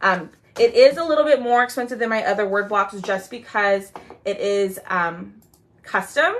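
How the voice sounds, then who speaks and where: A woman chatting casually with viewers while she demonstrates a craft during a live sale, with lots of "um"s and "y'all"s. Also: medium pitch. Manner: chatty, drawn-out "y'all", many "um"s. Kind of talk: casual livestream chat.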